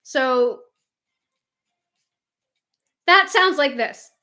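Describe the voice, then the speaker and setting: A woman hosting a livestream, chatting casually with viewers and reading their comments, animated and quick to laugh. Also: high-pitched. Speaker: livestream host.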